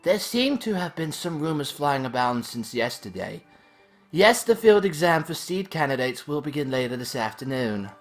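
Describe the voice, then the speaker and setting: A man's voice: on the high side, sing-song, moderate pace, soft background music. A man doing a prim, mock-posh young teacher. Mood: instructive.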